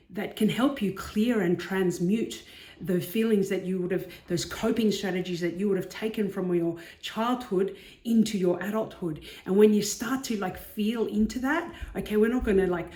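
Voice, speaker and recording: A woman's voice: medium pitch, normal speed, dark tone. A woman giving a casual motivational talk, chatty and saying okay again and again. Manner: chatty, says okay often. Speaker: self-help vlogger. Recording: echoey room.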